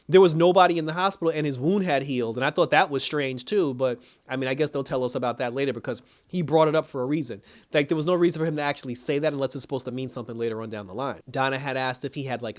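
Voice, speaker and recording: A man giving a casual, animated recap of a TV episode, acting out the characters' lines and laughing as he goes. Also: fairly high pitch. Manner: animated storytelling, acts out characters' lines, laughs while talking. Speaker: TV episode reviewer.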